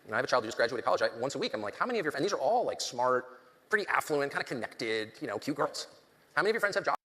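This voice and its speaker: A man's voice: medium pitch, big pitch swings, rapid-fire, sharp tone, big-room sound. A man in his fifties giving a political speech to students, emphatic and rambling, with many ums and restarts.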